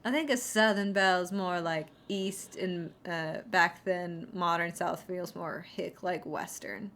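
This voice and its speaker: A woman streamer rambles in casual chat, full of ums and false starts. She drops sarcastic asides as she goes. Her voice sits slightly low for a woman. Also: steady tone, unhurried, a bit bright. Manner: rambling, sarcastic, heavy on fillers.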